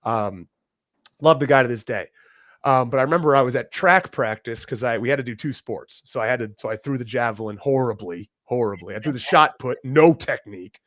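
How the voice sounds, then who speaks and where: A man from Rhode Island, a guest on a wrestling podcast, telling animated stories in a casual chat and laughing often. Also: medium pitch, fairly quick, dry recording. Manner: animated, laughing storyteller with frequent restarts. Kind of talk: casual storytelling interview.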